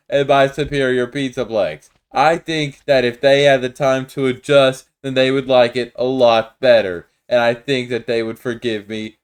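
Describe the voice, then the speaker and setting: A man's voice: mid-range voice, clean tone. Man pleading earnestly. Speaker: YouTuber. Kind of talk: Minecraft roleplay.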